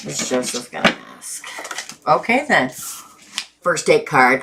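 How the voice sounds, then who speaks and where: A woman doing a live tarot reading, chatty and often breaking into laughter and excited bursts. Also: low-pitched, slow, long pauses, a little hiss or hum. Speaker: tarot reader.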